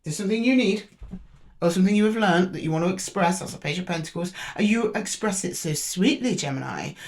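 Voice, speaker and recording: Her voice is fairly low and a little mellow, with lively intonation and a slightly quick pace. Reading tarot to camera, she speaks directly to the zodiac sign, hesitantly thinking aloud and stopping to restart as she draws.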